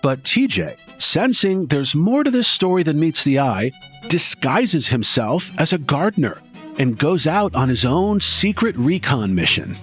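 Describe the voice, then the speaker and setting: A man's voice: fairly high pitch, sing-song, measured pace, a bit bright, soft background music. Dramatic male podcast narrator. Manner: dramatic, building suspense. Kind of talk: scripted documentary narration.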